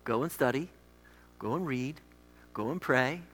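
A male pastor delivers a sermon with a bright, ringing tone, leaning hard into emphatic lines and then dropping to quiet asides. His voice echoes with a long reverb across a church sanctuary. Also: medium pitch, measured pace, slight background noise. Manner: emphatic, swings between loud declarations and quiet asides.

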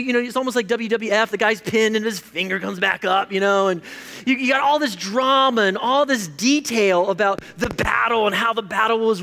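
Lively high-voiced pastor preaching in a hall. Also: male voice. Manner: animated, jokey, self-interrupting. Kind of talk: sermon.

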